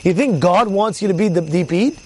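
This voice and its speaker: High-voiced rabbi, emphatic. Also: male voice, brisk, slightly rough. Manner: repetitive rhetorical questions, checks in with listeners; emphatic bursts on key words. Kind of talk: informal Torah talk. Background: crickets and insects faintly.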